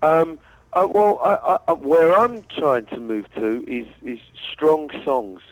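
A man, a DJ and producer, answering interview questions in a relaxed way, thinking aloud as he goes. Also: a little high, slow pace, dry recording, poor audio. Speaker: DJ and producer guest.

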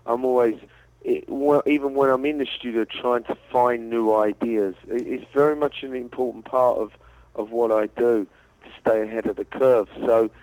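A man, a DJ and producer, answering interview questions in a relaxed way, thinking aloud as he goes. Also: mid-range voice, moderate pace, no echo, narrow, tinny audio. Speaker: DJ and producer guest.

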